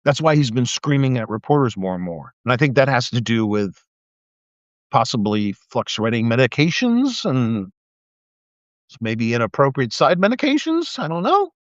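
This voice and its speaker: A middle-aged man hosts a casual livestream monologue, telling stories and jumping into exaggerated voices for the people he quotes. His voice sits at an ordinary pitch. The recording is dry and a little dull, with a lo-fi edge. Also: moderate pace, no room sound. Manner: animated storytelling, acts out quotes in a raised voice. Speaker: live stream host. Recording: slightly dull lo-fi sound.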